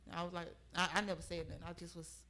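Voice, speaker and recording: A woman's voice: lowish voice, flat delivery, very fast, creaky, bright, forceful tone. Earnest young woman telling her story. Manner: earnest, often checks in with listeners. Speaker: podcast guest. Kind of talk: recounting a personal story in conversation.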